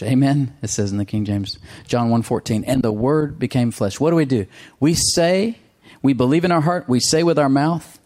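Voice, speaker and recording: This is a man delivering a sermon in an ordinary mid-pitched voice. He leans on repetition, says lines again and again, and keeps asking his listeners for an amen. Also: normal speed, darkish tone. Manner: emphatic, calls for amens, repeats phrases. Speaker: preacher.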